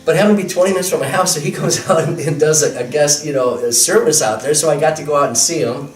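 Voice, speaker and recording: Male guest recounting an anecdote in a lively way, room-miked from a distance with faint music. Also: a little high, quick pace. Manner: animated, laughing, quotes voices. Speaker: guest telling his story. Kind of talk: casual storytelling. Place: temple hall. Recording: roomy sound from a distance, music.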